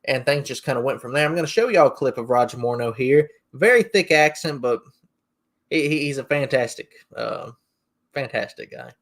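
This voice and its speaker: A podcast host tells a story in a rambling, folksy way. His voice sits in the mid-range, and he speaks at a moderate pace.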